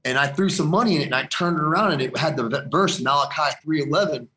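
A man's voice: fairly high pitch, quick pace, bright, forceful tone. A man giving a personal faith testimony as an interview guest, earnest and rambling, repeating phrases for emphasis.

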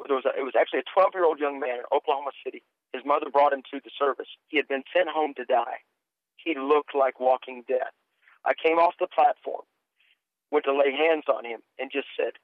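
A man's voice: medium pitch, fairly even intonation, a little fast, no echo. A man who is a minister giving an impassioned, earnest testimony as a guest, telling emotional stories and speaking prophetic words to listeners. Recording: tinny phone-like dry sound.

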